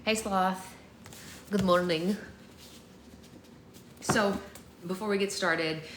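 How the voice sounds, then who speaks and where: A young woman with a low voice chats casually with her livestream viewers, answering their comments as they come in. She talks in a rambling, playful way and teases herself with mock boasts. A faint hiss sits under her voice. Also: reverberant. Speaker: livestream host.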